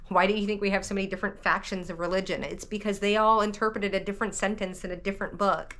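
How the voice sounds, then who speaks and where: A woman from the American South who reads tarot, talking to camera in a rambling, animated vlog monologue, often cutting herself off mid-sentence. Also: medium pitch, quick pace. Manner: rambling, animated, self-interrupting. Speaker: tarot reader vlogger.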